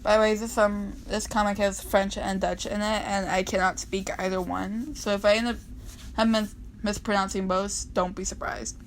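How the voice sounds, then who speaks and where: A woman casually reading comics aloud, animated and given to dramatic, mock-outraged outbursts. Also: mid-range voice, normal speed, a little hiss or hum, poor audio. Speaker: comic dub reader.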